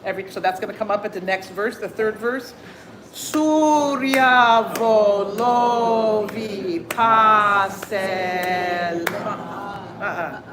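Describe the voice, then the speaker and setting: A woman teaching a group singing class, singing lines and then coaching in quick, chatty, self-deprecating asides. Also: mid-range voice, background noise.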